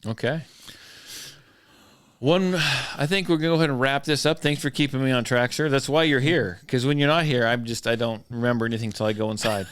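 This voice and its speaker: A man's voice: mid-range voice, fairly even intonation, brisk, a bit bright, clear, resonant tone. A man hosting a podcast in casual chat, loose and joking about himself. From southern Idaho. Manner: loose, joking, self-deprecating. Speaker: podcast host.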